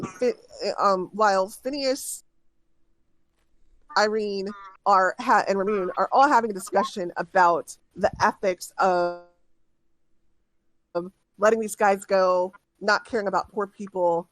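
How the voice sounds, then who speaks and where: A woman's voice: medium pitch, poor audio. A woman game master narrating a tabletop game, rambling through her scenes with frequent ums and restarts.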